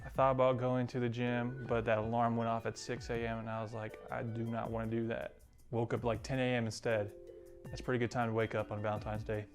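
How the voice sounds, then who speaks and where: A male student recounting his day in a flat, matter-of-fact comedy interview. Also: medium pitch, fairly quick, faint music behind.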